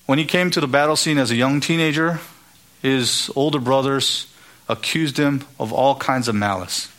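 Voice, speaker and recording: A man's voice: mid-range voice, moderate pace, a bit bright. A man giving an expository Bible teaching, asking rhetorical questions and acting out the lines of the characters he quotes.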